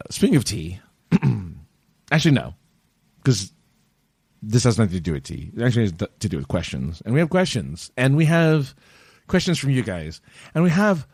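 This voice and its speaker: Give me a low-voiced man rambling with big swings in pitch. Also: darkish tone, husky, dry recording. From United States. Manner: rambling, jokey, with quick put-on voices. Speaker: podcast co-host. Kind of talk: casual chat.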